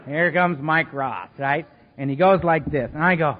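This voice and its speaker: A man speaking at a recovery meeting, telling his story in an animated, self-mocking way. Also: medium pitch, brisk. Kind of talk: storytelling talk to a live meeting. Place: meeting hall. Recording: echoey hall, dull lo-fi sound.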